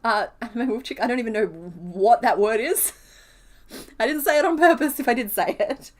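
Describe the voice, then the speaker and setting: A woman's voice: fairly high pitch, animated, normal speed. A woman chatting casually on a live stream while she crochets, thinking aloud and laughing often.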